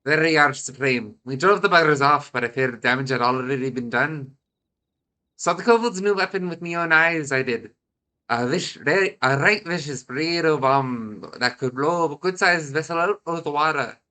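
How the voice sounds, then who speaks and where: A man doing a gruff Scottish sailor. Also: on the high side, moderate pace, pushed and bright. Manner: blustery old-fashioned seafarer talk. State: congested. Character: gruff male sailor in a seaside camp.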